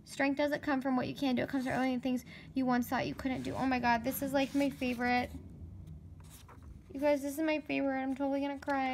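High-voiced, gushing young woman vlogger. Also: brisk, noisy background. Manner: gushing, excitable, gasping. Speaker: fitness vlogger. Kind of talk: casual vlog.

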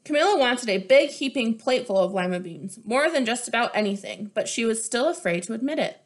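Young woman, storybook read-aloud, clear and expressive, a bit high. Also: brisk. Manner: expressive and clear, showing pages. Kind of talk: reading a picture book aloud.

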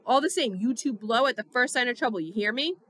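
A woman's voice: fairly high pitch, lively intonation, fast, fairly bright tone, no echo. A woman voicing a tough teenage greaser who speaks grimly and bluntly. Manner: grim, blunt.

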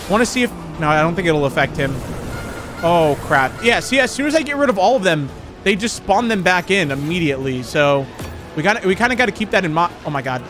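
A young man giving rambling, excitable commentary while playing a horror game. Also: high voice. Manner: rambling, excitable, many fillers. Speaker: gaming channel host. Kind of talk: let's play commentary.

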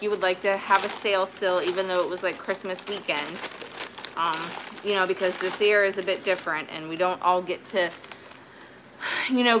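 Woman showing off her vintage finds, bright voice, lots of um and like, faint hiss behind. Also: medium pitch. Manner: chatty, rambling, lots of fillers and restarts. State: sweaty, warm. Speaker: vintage reseller. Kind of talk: casual haul video chat.

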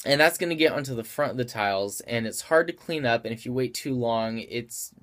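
Man, mid pitch, casual craft tutorial, friendly, has the hiccups. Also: fairly quick, fairly bright tone. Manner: friendly, stops to apologize for hiccups. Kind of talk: casual how-to explanation.

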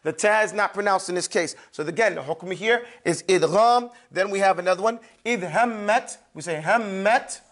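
A man with a fairly high voice leads a classroom lesson on Quran recitation. He drills each sound slowly and repeats it several times. He often stops to check that his listeners are following. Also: a bit bright.

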